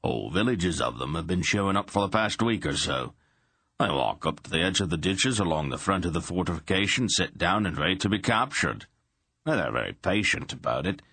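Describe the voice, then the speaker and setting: A man doing a practical middle-aged smith with a very deep, gravelly, husky voice. He explains things plainly and with dry understatement, as in an audiobook. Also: expressive, brisk, pushed and bright, no echo, full character voice. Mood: matter-of-fact. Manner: dry, matter-of-fact understatement.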